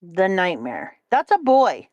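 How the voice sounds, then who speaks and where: A woman's voice: medium pitch, wildly swooping pitch, slow, a little mellow, dull audio. A middle-aged woman co-hosting a casual chat with her son, playful and goofy, swearing freely. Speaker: co-host, mother of the host.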